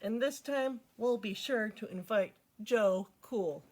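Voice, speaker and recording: A woman reading aloud and voicing a mild, gloomy young boy from a storybook in a soft, sighing voice. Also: a little high, slow. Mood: hopeful.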